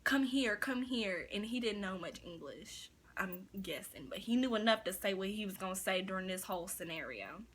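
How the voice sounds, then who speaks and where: A woman's voice: medium pitch, lively intonation, fairly quick, hardly any pauses, a little hiss or hum. A young woman vlogger telling a story in a casual, chatty way, full of fillers like "like" and "you know.".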